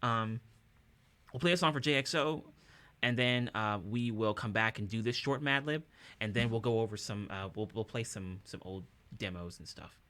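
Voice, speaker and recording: A man's voice: fairly low pitch, moderate pace, pushed and bright. A man hosting a casual livestream, upbeat and chatty with his viewers, chuckling often. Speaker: streamer and musician.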